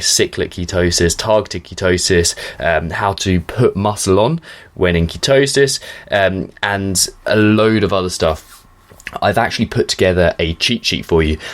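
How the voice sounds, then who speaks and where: A man with a very low voice hosts a podcast in a chatty, relaxed way. He fills his talk with ums as he goes. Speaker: podcast host. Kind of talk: podcast introduction and interview.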